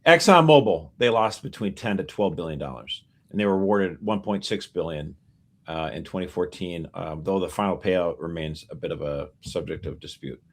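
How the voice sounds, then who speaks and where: A man co-hosting a podcast, casually walking through news facts with animated asides. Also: sits low, moderate pace. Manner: animated explainer, piling up figures and asides. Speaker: podcast co-host.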